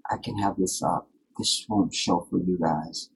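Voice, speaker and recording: A man's voice: deep voice, unhurried, gravelly, breathy edge, rough recording. A man hosting a live stream, telling a personal story to his viewers in a rambling, heartfelt way, full of fillers. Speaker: live-streaming channel host.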